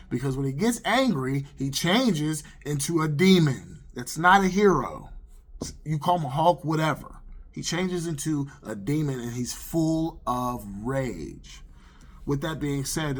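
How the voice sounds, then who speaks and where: A man's voice: mid-range voice, slightly rough. A man earnestly sharing his personal faith testimony in a conversational, storytelling way. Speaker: testimony speaker.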